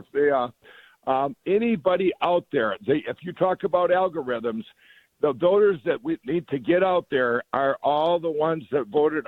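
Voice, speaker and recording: A man's voice: on the high side, no room sound. A middle-aged man being interviewed over the phone, rambling and enthusiastic, with lots of restarts. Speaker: guest. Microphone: phone line. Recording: tinny dry phone line.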